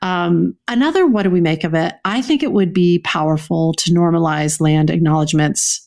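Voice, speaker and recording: A woman's voice: lowish voice, normal speed, darkish tone. A woman co-hosting a podcast, talking in an earnest, reflective way and often restarting her sentences. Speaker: podcast co-host. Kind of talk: casual podcast conversation.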